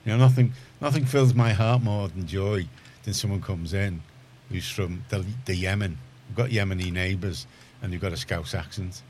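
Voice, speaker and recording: Deep-voiced Liverpool radio presenter. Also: male voice, normal speed, hardly any pauses, a little mellow, slight background noise. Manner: chatty, rambling, self-correcting. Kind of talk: casual radio chat.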